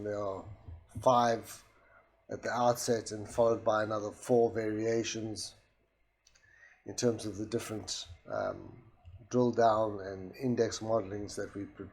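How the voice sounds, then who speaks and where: Man, lowish voice, soft and unprojected, explains a software demo step by step. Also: measured pace. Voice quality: soft, voice not carrying far. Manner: steady explanatory, with restarts and voice commands. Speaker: software demonstrator. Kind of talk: screen-recorded product demo.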